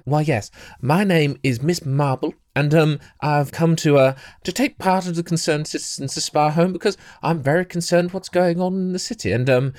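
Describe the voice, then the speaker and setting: A man's voice: on the high side, darkish tone, voice pushed up, close to an everyday voice. A man voicing a prim and proper old woman in her sixties, who talks fussily and keeps repeating herself. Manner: determined, fussy, repeats herself.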